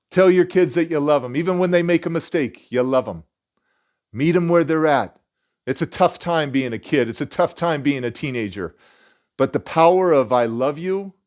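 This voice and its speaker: A man giving a motivational talk straight to his viewers, telling a personal story and acting out the dialogue with animated delivery. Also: medium pitch. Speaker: motivational speaker.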